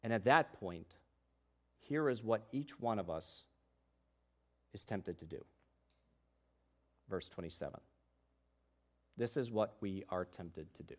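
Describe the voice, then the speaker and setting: A man preaching a sermon who moves from hushed, low passages to loud, emphatic ones and voices the doubts of biblical figures. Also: animated, slow pace, pauses often. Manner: acts out the voices of doubters in scripture. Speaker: pastor.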